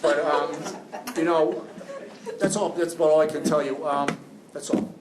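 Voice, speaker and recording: A man's voice: fairly high pitch, level tone, normal speed, recorded from a distance. A middle-aged man, a defense lawyer speaking to law students, emotional and rambling with many restarts. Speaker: juvenile defense attorney, guest speaker. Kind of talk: classroom talk to law students. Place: classroom. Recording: echoey classroom with faint hiss.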